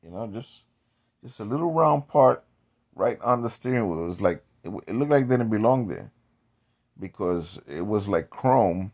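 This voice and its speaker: A man's voice: fairly low pitch, lively intonation, moderate pace, darkish tone. A man vlogging in a rambling casual monologue, drifting into tangents and restarting his sentences.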